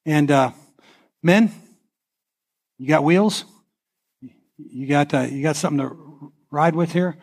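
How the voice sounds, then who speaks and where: A man preaching a sermon as pastor, impassioned, swinging from near-shouts down to a hushed prayer. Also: on the high side, slow, long pauses.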